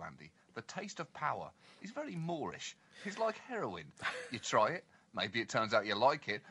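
A man's voice: mid-range voice, pushed and bright. A man co-hosting a satirical comedy chat, mock-earnest as he spins absurd riffs. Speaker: podcast co-host.

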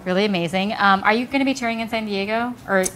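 A woman's voice: medium pitch, fast, fairly bright tone, a little hiss or hum. A woman hosts a podcast interview in a mid-range voice. She is enthusiastic and casual, and she frames her questions loosely with fillers. Her tone stays conversational throughout. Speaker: podcast host.

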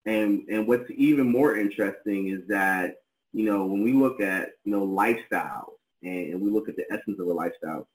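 A man's voice: on the low side, fairly quick. Effusive man rambling in an echoey room. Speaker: podcast co-host. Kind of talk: casual podcast chat.

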